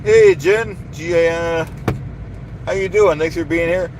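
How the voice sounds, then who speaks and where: A man's voice: fairly high pitch, unhurried. Boastful man ranting over noisy background. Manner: boastful, indignant, repeats himself. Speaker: live streamer. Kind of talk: ranting live stream.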